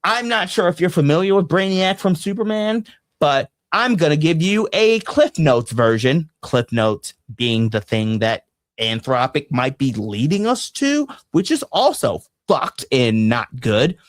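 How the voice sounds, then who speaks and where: A podcast co-host ranting passionately and with plenty of swearing in a casual discussion, their voice going hoarse. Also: medium pitch, very animated, unhurried, no room sound. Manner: impassioned, profane ranting. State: losing voice.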